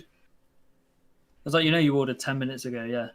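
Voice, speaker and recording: A young man with a British accent, co-hosting a casual podcast, telling animated stories and acting out customers' lines. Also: medium pitch, moderate pace. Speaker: podcast co-host. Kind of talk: casual chat.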